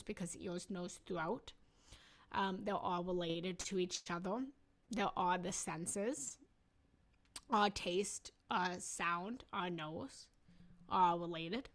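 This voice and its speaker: A woman spiritual coach gives a casual live teaching on chakras, chatty and loose, often breaking off mid-word to laugh at herself. Her voice is medium-pitched and a bit bright.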